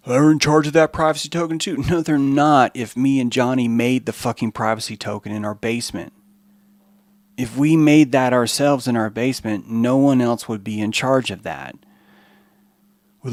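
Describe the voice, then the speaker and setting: A man hosting a podcast, giving an animated, profane, rambling monologue. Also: mid-range voice, no room sound. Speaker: podcast host.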